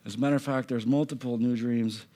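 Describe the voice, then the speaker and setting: A man preaching a sermon from a church stage, swinging between loud emphatic lines and hushed, near-whispered passages. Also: medium pitch, steady tone, fast. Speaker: pastor.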